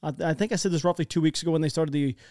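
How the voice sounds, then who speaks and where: A man's voice: a little high, very fast, a little mellow, no room sound, studio quality. Chatty American man rambling over maps. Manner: rambling, chatty, many restarts. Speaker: war-map commentator. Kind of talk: casual commentary over maps.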